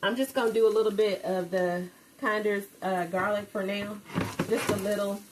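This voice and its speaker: A woman's voice: medium pitch, steady tone, normal speed, low-quality recording. A middle-aged woman chatting casually to viewers in her home kitchen while she cooks, calling them "y'all" and exclaiming over the food. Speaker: home cook vlogger. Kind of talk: casual cooking vlog chat. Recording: kitchen sizzle and frying noise behind.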